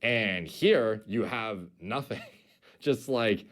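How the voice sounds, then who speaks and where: A man with a lowish voice rambles through casual commentary. He strings thoughts together with "like" and "you know" and swears freely along the way. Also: very slow. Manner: rambling, filler-heavy, profane. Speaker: video commentator.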